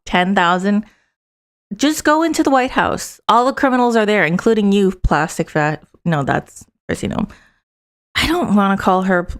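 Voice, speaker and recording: A woman's voice: medium pitch, vocal fry. A young woman streamer giving casual, profane, sarcastic political commentary over clips.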